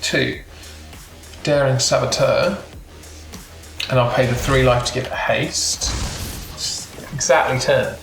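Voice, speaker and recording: A man's voice: mid-range voice, steady tone, slow pace, gravelly, long pauses, fairly bright tone. A man playing a card game at a board game cafe, thinking aloud and reading his cards out. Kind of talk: casual game-table chat. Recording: roomy cafe with music behind.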